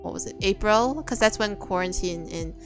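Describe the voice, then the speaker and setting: A woman's voice: medium pitch, normal speed, over music, poor audio. A young woman hosting a stream, chatting casually with friends, laughing often and swearing. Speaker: streamer host.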